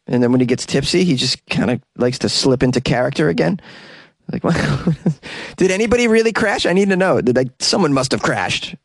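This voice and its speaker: A man's voice: mid-range voice, lively intonation, a little fast, creaky, dry recording. A man with a New England accent hosting a comedy news podcast, joking and rambling with frequent laughs. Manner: jokey, rambling, laughs often.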